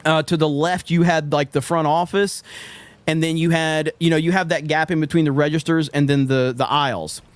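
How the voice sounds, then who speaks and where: A middle-aged man with a slightly high voice spins stories in relaxed chat, acting out quoted lines and laughing along. His delivery is lively and the sound is dry and close. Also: normal speed, clear, resonant tone, no room sound. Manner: animated, acts out quotes, laughs often. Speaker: podcast guest telling stories. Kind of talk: casual storytelling chat.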